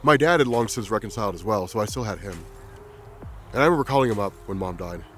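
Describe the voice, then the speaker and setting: Quiet low-voiced man telling a sad story. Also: animated, soft background music. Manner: quiet, reflective, halting. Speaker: vlogger. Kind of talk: personal storytelling.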